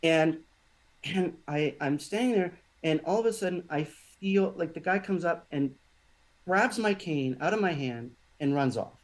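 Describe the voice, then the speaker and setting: A man in a casual podcast conversation, telling a personal story in a halting way, with many restarts and fillers. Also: fairly high pitch, lively intonation, low-quality recording. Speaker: podcast guest.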